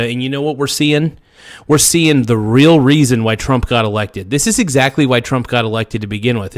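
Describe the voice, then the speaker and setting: Man, show host, angry political commentary, repetitive ranting, medium pitch. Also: fairly quick. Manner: angry, ranting, repeats himself. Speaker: show host reacting to footage.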